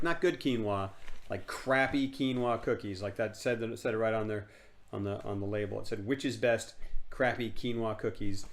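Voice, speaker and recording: A man's voice: medium pitch, fairly bright tone. A man streaming live, telling a rambling comic story in casual chat.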